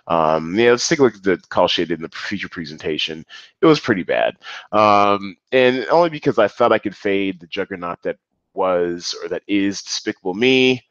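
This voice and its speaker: A man talks through a solo podcast in a casual, self-deprecating way, stumbling over restarts and fillers. His voice sits a little low. The recording is dry and slightly dull, like a home setup. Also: expressive, a little fast, a bit bright, no room sound. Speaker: podcast host.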